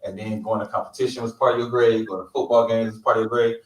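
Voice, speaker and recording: A middle-aged Californian co-hosts a casual podcast roundtable, speaking quickly in a lowish voice with little pitch movement. He tells stories bluntly and emphatically, swearing plenty, and the mic sounds roomy and distant.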